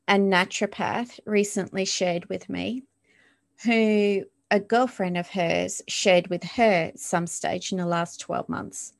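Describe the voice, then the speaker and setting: A woman hosts a solo wellness podcast in a calm, reflective coaching voice that sits a little low for a woman. She keeps putting rhetorical questions to the listener. The sound is dry and close, with no room around it. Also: no room sound. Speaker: podcast host.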